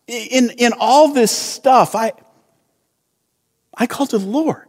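A man preaching a sermon as pastor, earnest and unhurried, often restarting his phrases. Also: very high-pitched, lively intonation, a little mellow, long reverb tail.

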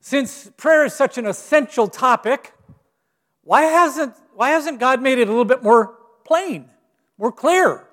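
High-voiced man preaching in a hall. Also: animated, unhurried, a bit bright. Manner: self-deprecating humor, frequent restarts. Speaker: guest preacher. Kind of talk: sermon. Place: church sanctuary.

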